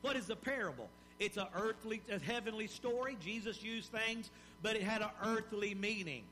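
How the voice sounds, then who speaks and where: A man preaching a sermon in an animated style, with rising emphasis and pauses. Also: high-pitched, slight background noise. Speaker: pastor.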